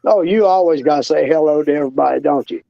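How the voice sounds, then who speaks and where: Gravelly teasing man on a call. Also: a little high, fast, crowd noise. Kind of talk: casual live-stream chat. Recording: dull lo-fi audio.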